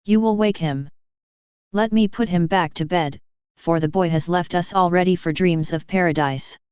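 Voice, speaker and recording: A young shepherdess girl from an old storybook, gentle and lightly mocking, as a woman reads her. The voice is smooth and clear, sitting low. The recording is dry and a little dull. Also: normal speed, dry recording, close to an everyday voice. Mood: teasing. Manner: gently teasing.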